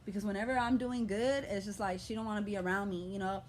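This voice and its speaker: A woman's voice: mid-range voice, fairly even intonation, fast talker, slight background noise. A young woman with an American urban vernacular accent, venting in a vlog, talking in a passionate, aggressive, profane way. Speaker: vlogger. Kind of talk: emotional vlog rant.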